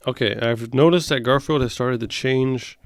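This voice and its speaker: A man's voice: medium pitch, moderate pace, slight background noise. A man hosting a comedy show, reading comic strips aloud and ranting at them in mock outrage. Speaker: host.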